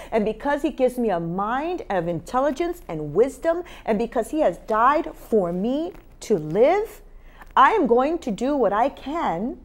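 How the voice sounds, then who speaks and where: A woman hosting a talk show in a studio, speaking emphatically and urging listeners with faith-based motivation, often repeating her key phrases. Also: fairly high pitch.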